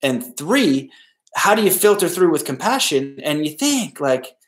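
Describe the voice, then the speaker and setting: A man's voice: a little high, very animated, a little slow, a bit bright. A man hosting a solo podcast, giving casual, rambling advice and acting out the people he quotes. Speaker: podcast host.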